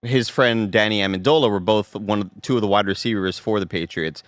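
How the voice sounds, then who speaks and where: A man co-hosting a podcast, explaining in relaxed casual chat with fillers. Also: lowish voice, fairly quick, no room sound. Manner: relaxed, joking, uses fillers. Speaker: podcast co-host. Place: podcast studio.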